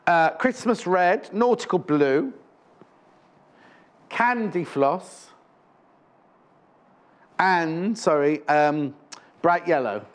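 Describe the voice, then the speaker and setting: A man fronting a live TV shopping show, his voice sitting a little higher than most men's. He chats freely, wanders off on tangents and corrects himself mid-sentence, then comes back to the prices. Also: animated, very slow, long pauses. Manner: chatty, rambling, self-correcting. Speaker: shopping channel presenter. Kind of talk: live TV selling chat. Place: TV studio.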